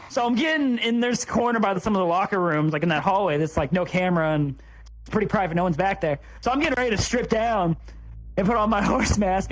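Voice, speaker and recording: A man with a high voice tells a rowdy, profane story in loose podcast chat, laughing as he goes. Music plays steadily behind him. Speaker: podcast host telling a story.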